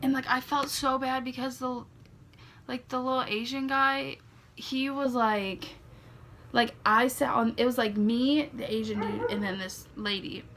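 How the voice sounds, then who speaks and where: A young woman vlogging a casual storytime, her slightly high voice carrying a gravelly, fry-laden texture. She rambles along with constant fillers and quick laughs, and she sounds drowsy, yawning between stories. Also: steady tone, a bit bright, a little hiss or hum. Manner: rambling, heavy use of "like" and "legit", frequent laughs. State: sleepy, yawning.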